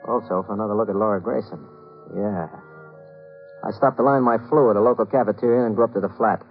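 A man's voice: lowish voice, quick pace, lightly acted. A man playing a cocky, flippant young private detective who narrates his own story in a 1950s radio drama. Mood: wry. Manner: flip, wisecracking. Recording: muffled old 1950s radio broadcast with music.

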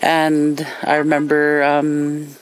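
A woman's voice: deep voice, completely flat delivery, slow, rough recording. A middle-aged woman from Canada, speaking in a reflective documentary interview, hesitant, with many fillers and restarts.

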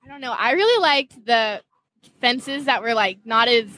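A woman's voice: fairly high pitch, animated, normal speed, low-quality recording. A woman in casual chat, speaking hesitantly with frequent ums. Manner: hesitant, soft-spoken, many ums.

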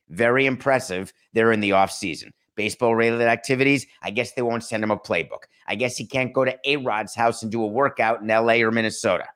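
A man hosting a sports podcast, talking in a dry, mocking tone with deliberate pauses for emphasis. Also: mid-range voice, fairly bright tone. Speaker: podcast host. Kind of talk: sarcastic sports commentary.

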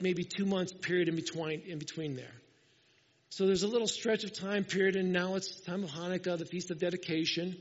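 A pastor with a high-pitched voice preaches a sermon, telling the story with life and acting out the voices of its characters. His words ring through a big hall with a long reverb tail, and the sound is slightly dull and muffled.

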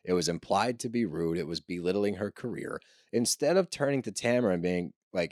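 A man's voice: lowish voice, very animated, normal speed, a little mellow, dry recording, studio quality. A man co-hosting a podcast, giving opinionated and casual recaps of reality TV and swearing freely. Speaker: podcast co-host.

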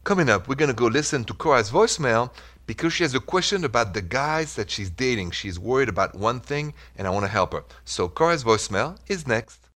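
A man's voice: mid-range voice, lively intonation, a little fast, a bit bright. A man with a French accent hosting a call-in radio advice show, earnest and reassuring. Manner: earnest, reassuring, speaks in short coaching phrases. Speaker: radio relationship advice host.

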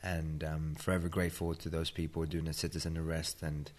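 A man from Sweden with a British-tinged accent, a tired interview guest speaking in a measured, matter-of-fact way. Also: a bass voice, flat delivery. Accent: British-tinged Swedish. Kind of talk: interview conversation.

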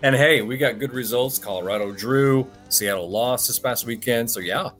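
A man joins a casual sports podcast with upbeat, teasing remarks. His voice is bright and forward. Faint music plays softly beneath. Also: medium pitch, moderate pace. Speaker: podcast co-host.

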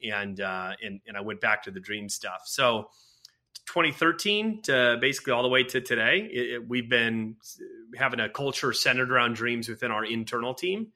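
A man, a guest author and culture consultant, telling anecdotes in an animated, casual interview. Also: medium pitch, normal speed.

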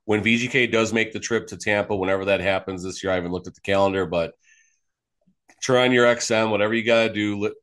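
A man co-hosting a sports podcast, rambling and teasing his co-host while searching for words. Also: low voice. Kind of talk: casual sports podcast chat.

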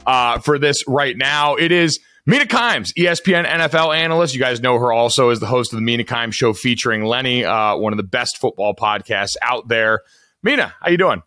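A man's voice: mid-range voice, lively intonation, brisk, bright, forceful tone, dry recording. A man hosting a sports podcast, talking in a conversational way with some filler words into a close mic. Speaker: podcast host.

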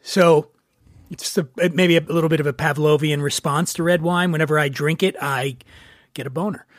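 A man with a high voice hosts a podcast in loose, joking chat and swears freely. The sound is close and dry, with no room around it. He keeps the talk rambling and playful. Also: fairly even intonation, a little fast, no echo. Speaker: podcast host. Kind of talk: casual chat.

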